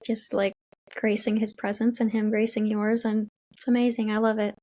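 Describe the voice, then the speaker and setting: A woman hosting a podcast, responding warmly and affirmingly to her guest in casual chat. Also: medium pitch, level tone, normal speed. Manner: warm, affirming listener. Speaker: podcast host.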